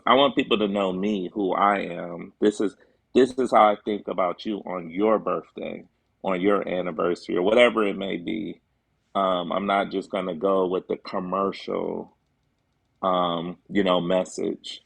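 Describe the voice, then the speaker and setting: A man's voice: low voice, vocal fry, slightly rough, no room sound. A man speaking as a guest on a talk show, earnest and emphatic, with frequent fillers. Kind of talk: casual chat.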